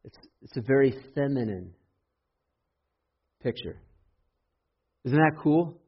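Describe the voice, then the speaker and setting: A man preaching a Sunday sermon as pastor, building to loud, impassioned emphasis when he quotes scripture. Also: mid-range voice, lively intonation, slow pace, breathy edge. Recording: dull lo-fi sermon audio.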